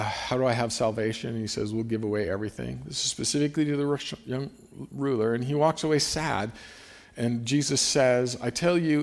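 Male pastor, mid-pitched, casual and emphatic sermon delivery with scripture readings.

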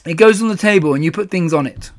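A man reading a storybook aloud, voicing a gentle, simple-minded male teddy bear in a mild, wondering way. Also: high-pitched, fast talker, close to an everyday voice.

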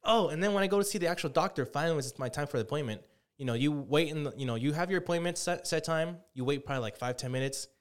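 A young man chatting on a podcast in a rapid-fire, profane rant. He tumbles through his story quickly and keeps slipping into mimicked voices. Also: a little high. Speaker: podcast host. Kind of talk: casual chat.

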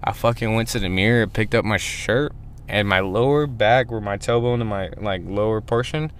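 A man's voice: fairly low pitch, moderate pace. Podcast co-host, twenties guy, loose swearing storyteller, faint background hiss. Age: 20s. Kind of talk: casual chat.

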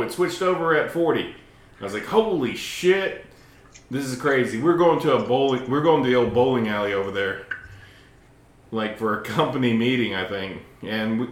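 A man's voice: on the low side, reverberant. A man in his forties, a podcast co-host telling a story in casual chat, swearing freely and repeating himself. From Appalachia, western North Carolina.

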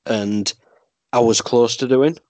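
A chatty Yorkshire man talks in loose, rambling stories, dropping swear words and laughing along the way. His voice sits at an ordinary middle pitch for a man. The sound is close and dry, with no room around it. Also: slow, a little mellow, no room sound. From Yorkshire, England. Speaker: podcast guest and movie podcast host. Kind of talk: casual podcast chat.

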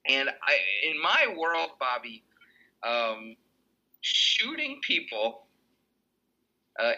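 A man co-hosting a podcast, chatting in an earnest, animated way. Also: mid-range voice, lo-fi sound. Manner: earnest, animated, slips into impressions. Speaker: podcast co-host. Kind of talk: casual chat.

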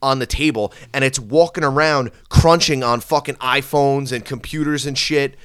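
A man co-hosting a casual comedic chat, telling a story in a profane, animated way. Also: medium pitch, moderate pace, smooth. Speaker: podcast co-host.

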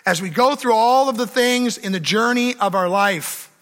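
A man preaches in a high, bright voice with a gravelly edge, hammering his points home through repetition. His sermon rings out in a church sanctuary with a long echoing tail behind each phrase. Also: normal speed. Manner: preaching with emphatic repetition and rising intensity. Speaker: pastor. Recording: echoey hall with long reverb.

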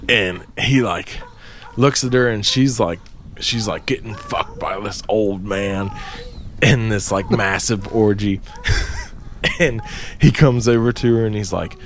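A man's voice: lowish voice, a little slow, a little hiss or hum. A young adult man co-hosting a podcast, telling a rambling, profane story with frequent laughter in casual chat. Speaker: podcast co-host.

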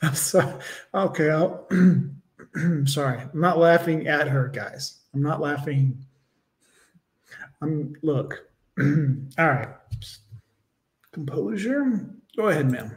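A man's voice: fairly high pitch, expressive, slow, long pauses. Sarcastic man mocking a clip. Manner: mocking, sarcastic, crude asides to viewers. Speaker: host. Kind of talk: livestream reaction commentary.

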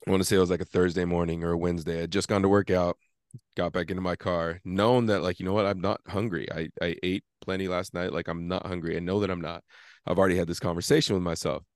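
Low-voiced man telling a story, cursing freely. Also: fast talker, dry recording, studio quality. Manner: animated storytelling, swears often, acts out his inner argument. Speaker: podcast co-host. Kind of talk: casual chat.

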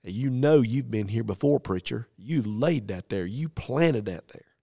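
A rough, hard-drinking older mountain man, put on by a male storyteller, speaking in a drawl. He sounds gruff and threatening, with a low, gravelly voice and a dry, close sound. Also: takes it slowly, dry recording, heavily acted. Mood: angry.

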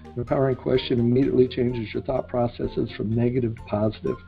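A man's voice: medium pitch, little pitch movement, fast talker, creaky, highs cut off, faint music behind. Folksy male interview host. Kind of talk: interview questions with a personal anecdote.

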